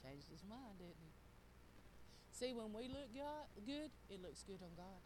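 A woman's voice: medium pitch, lively intonation, a little slow, background noise. A middle-aged woman preaching a sermon, talking straight to the congregation in a folksy way.

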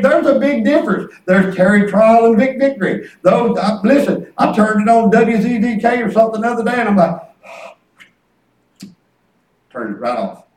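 An older man preaching a sermon, telling folksy stories with bursts of shouted praise. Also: extremely high pitch, expressive, normal speed. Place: church. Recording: echoey room, voice from far off.

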